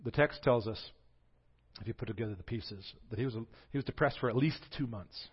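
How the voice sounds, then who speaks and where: Animated Southern preacher, slightly dull sound. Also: male voice, medium pitch, brisk, husky. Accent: Southern American. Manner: animated storytelling, acts out quoted voices. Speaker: pastor. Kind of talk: sermon.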